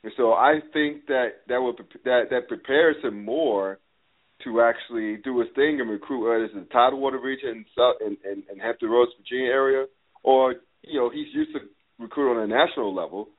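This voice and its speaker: Casual male host, phone-quality audio, loose and excitable, lots of filler. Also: medium pitch, a little fast. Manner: chatty, laughs and says "dude", stumbles on words. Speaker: podcast host. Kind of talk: casual podcast chat. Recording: phone-like line.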